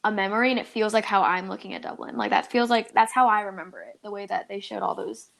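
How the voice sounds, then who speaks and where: A woman's voice: mid-range voice, fairly even intonation, fast, gravelly, a bit bright. A young woman from California co-hosting a podcast, rambling and laughing through casual chat, full of "like" and "dude.". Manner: giggly, rambling, lots of "like" and "dude". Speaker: podcast co-host.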